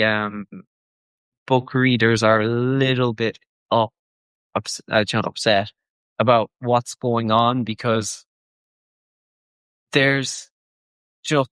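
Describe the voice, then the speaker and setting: Guy rambling thru a show discussion, even voice, dry mic, no room. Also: mid-range voice, smooth, no room sound. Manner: rambling, quotes characters in mock voices. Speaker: podcast host. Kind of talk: casual discussion.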